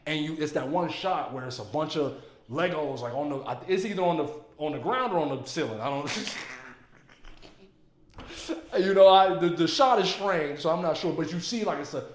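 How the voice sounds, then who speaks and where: A man giving casual, emphatic movie commentary, excitable and full of profanity. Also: a little high, moderate pace, a little hiss or hum. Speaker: movie reviewer. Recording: roomy echo.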